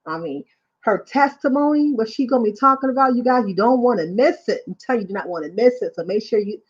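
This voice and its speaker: A woman's voice: fairly high pitch, quick pace, husky. A woman hosting a livestream, giving casual faith talk and often asking "you know what I'm saying". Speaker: livestream host. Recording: dull lo-fi sound.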